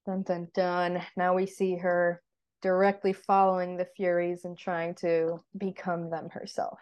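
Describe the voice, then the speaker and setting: A woman's voice: on the low side, level tone, measured pace, darkish tone, clean tone, muffled recording. A woman co-hosting a podcast, casually retelling a TV episode scene by scene and chatting with many "like"s. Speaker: podcast co-host.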